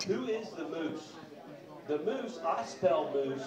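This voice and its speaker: A man's voice: fairly high pitch, expressive, slow pace, crowd noise. A middle-aged man doing a stand-up routine, rambling through self-deprecating stories with crude asides, recorded in an echoey comedy club from some distance, with audience laughter behind him.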